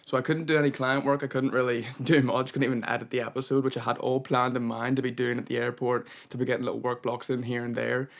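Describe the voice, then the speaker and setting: A man's voice: medium pitch, creaky. A young man narrating his travel vlog in a chatty, rambling way, full of "kinda" and "you know". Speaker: travel vlogger.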